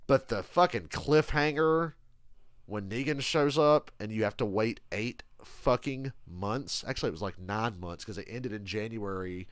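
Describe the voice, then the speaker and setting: A man chatting casually on a live stream, telling stories in an animated, profane rant. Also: fairly low pitch, unhurried, smooth, no room sound. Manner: animated, profane, ranting storyteller. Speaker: streamer reacting live to a football game.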